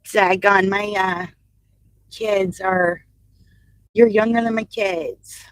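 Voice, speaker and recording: A woman's voice: mid-range voice, steady tone, takes it slowly, long pauses, rough recording. An older woman from Southern Indiana chatting casually with viewers from her car, thinking aloud with fillers. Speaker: vlogger reading live chat. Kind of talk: casual chat. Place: car on delivery route. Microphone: phone or dash mic in car.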